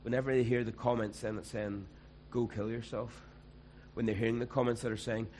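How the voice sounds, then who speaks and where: A man's voice: medium pitch, little pitch movement, brisk, a little mellow, slight background noise, low-quality recording. Man preaching a sermon. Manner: conversational, acts out quoted voices.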